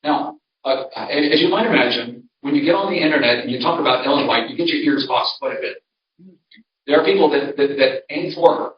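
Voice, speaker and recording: Older guy preaching, folksy and chatty, kinda high voice, echoey church hall, heard from back a ways, muffled. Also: fairly quick, slight background noise. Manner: conversational, storytelling, frequent restarts. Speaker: pastor giving a seminar. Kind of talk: folksy seminar talk. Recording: roomy, distant, dull sound.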